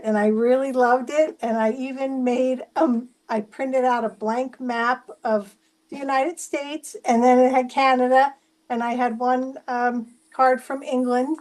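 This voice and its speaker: A woman's voice: a little high, a little mellow, poor audio. Chatty woman from New Jersey. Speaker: workshop participant. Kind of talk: casual video call chat. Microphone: video call.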